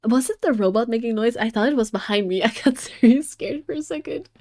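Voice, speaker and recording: A woman streamer giving casual, excitable gameplay commentary, swearing and laughing often. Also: a little high, a little fast.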